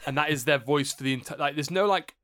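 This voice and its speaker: A man co-hosting a casual film chat, dryly sarcastic and halting with many fillers. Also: fairly high pitch, a bit bright, dry recording, studio quality. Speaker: podcast co-host.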